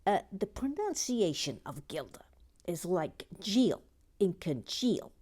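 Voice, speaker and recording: A woman's voice: on the low side, sing-song, slow, mellow, full character voice. A woman putting on a Brooklyn accent to play a chatty woman from Brooklyn telling stories, reading a viewer's comment aloud. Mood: gossipy.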